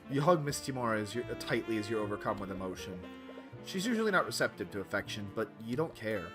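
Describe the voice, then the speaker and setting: A man reads a game's story aloud and comments as he plays, his pitch rising and dropping all over the place. He switches between voices for the characters, with music playing faintly underneath. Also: sing-song, fast talker. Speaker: streamer playing a visual novel. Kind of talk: reading a game aloud with commentary.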